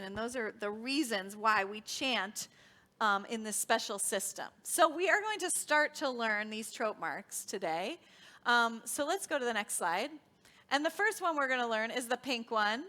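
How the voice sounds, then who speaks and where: A woman's voice: on the high side, pushed and bright. A woman leading a children's worship service, cheerfully quizzing the children and teaching them as she goes. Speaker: song leader teaching children. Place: synagogue sanctuary.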